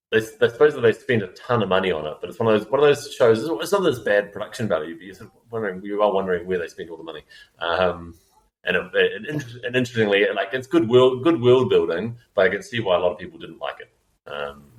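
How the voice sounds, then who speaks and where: A male podcast guest talking casually and often stumbling over his words, with many fillers and restarts. His voice is low and deep. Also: lively intonation, quick pace. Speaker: guest, company founder. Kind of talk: casual chat.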